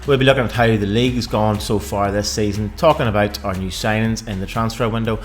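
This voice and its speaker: A man with a fairly low voice, co-hosting a football podcast. He rambles through his points, stopping and restarting often, in an easy conversational way. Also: steady tone, brisk, soft background music. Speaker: podcast co-host. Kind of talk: casual football chat.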